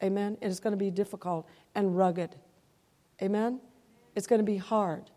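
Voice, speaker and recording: A woman's voice: medium pitch, fairly even intonation, moderate pace, dark tone, big-room sound. A woman preaching a sermon, emotional and heartfelt, often calling out "Amen?" to the congregation. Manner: emotional, calls out "Amen?" to the crowd.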